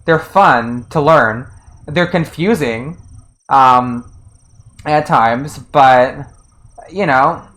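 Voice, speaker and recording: A man's voice: mid-range voice, extremely slow, long pauses, fairly bright tone, poor audio. A man streaming and casually commenting on a game translation, rambling with lots of restarts and fillers and chuckling often.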